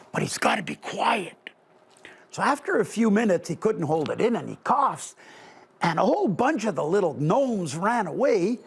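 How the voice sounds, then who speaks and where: A man telling a folk tale to children in an animated, conversational way, with asides to his listeners. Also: high voice, creaky, slightly rough. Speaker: storyteller. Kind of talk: live oral storytelling for children.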